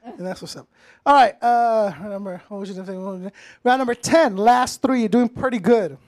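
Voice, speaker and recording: A man hosting a casual podcast interview, teasing his guest and acting out mock phone calls in quick put-on voices. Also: high voice, darkish tone. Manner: playful, teasing, acts out scenarios with quick voices. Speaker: podcast host.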